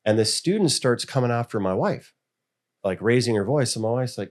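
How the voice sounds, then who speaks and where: A man's voice: medium pitch, brisk. A middle-aged American man, a school board member, telling stories in a casual interview and acting out the voices he quotes. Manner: animated, acts out quoted voices.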